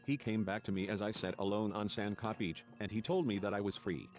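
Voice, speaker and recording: Low-voiced man reading game text. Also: a little fast, over music. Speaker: let's play narrator reading game text. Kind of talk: reading game dialogue aloud.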